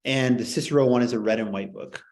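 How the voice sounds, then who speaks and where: A man's voice: mid-range voice, fast, darkish tone, low-quality recording. A man teaching a class in casual lecture style, rambling and joking, heavy on filler words, in a classroom.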